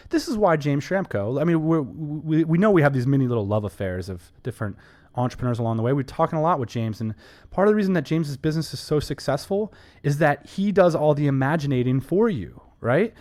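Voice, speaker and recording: A man co-hosting a casual business podcast, talking emphatically and enthusiastically with quick asides. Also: fairly high pitch, darkish tone. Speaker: podcast co-host.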